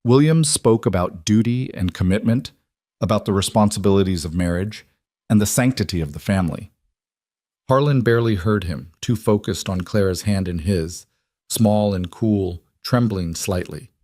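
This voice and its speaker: A man narrating a western romance story in a calm, measured scripted reading. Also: on the low side, no echo, studio quality.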